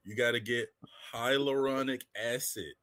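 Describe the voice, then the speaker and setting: A man's voice: medium pitch, fairly even intonation, normal speed, a bit bright. Joking male podcast co-host. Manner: joking, hypes up the intro. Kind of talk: casual chat.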